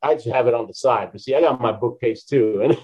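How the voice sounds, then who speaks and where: A man in his fifties, a motivational speaker telling stories as an interview guest, lively, laughing often and ending lines with a quick "right?". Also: mid-range voice, breathy edge, muffled recording. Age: 50s. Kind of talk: storytelling in a casual interview.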